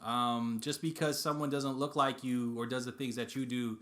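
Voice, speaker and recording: Man, podcast co-host, casual joking chat, bright voice, medium pitch. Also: level tone, moderate pace. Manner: joking, self-deprecating banter.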